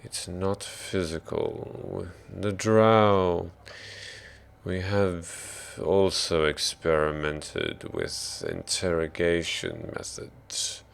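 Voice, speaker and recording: A man with an Australian accent voicing a calm, clinical male drow who gives a quiet, measured warning. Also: low-pitched, gravelly, heavily acted. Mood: grave.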